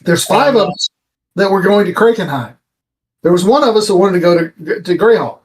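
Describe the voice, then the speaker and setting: A man playing a tabletop game casually, talking in an animated, commanding way. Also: sits high, brisk, poor audio. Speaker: player.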